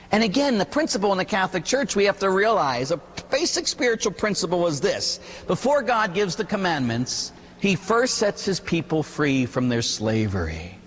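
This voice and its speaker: Male priest, sermon; lively, emphatic, slightly husky, higher than average, long hall reverb. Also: moderate pace. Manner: animated, emphatic preaching with storytelling. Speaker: Catholic priest.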